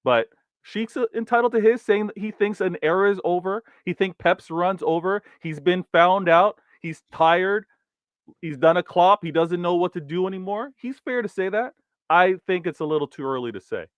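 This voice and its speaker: A man's voice: high voice, moderate pace, smooth, no room sound. Podcast co-host, man, level-headed take, muffled dry mic. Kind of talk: casual football debate. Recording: dull dry remote mic.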